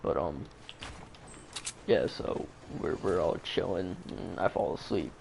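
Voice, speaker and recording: A man's voice: deep voice, slow pace, darkish tone, slight background noise. A man telling a story in a casual, rambling way, swearing a lot and using plenty of fillers. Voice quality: creaky. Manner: rambling, profane, full of fillers.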